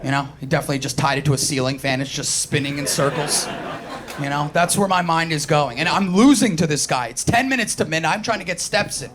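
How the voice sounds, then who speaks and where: Brash New York comic, high voice. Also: male voice, fast, a bit bright, a little hiss or hum. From New York City, Queens. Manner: brash, profane, acts out quoted voices. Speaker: stand-up comedian. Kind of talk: stand-up comedy set. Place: live comedy stage. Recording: live show with crowd laughter. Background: audience laughter.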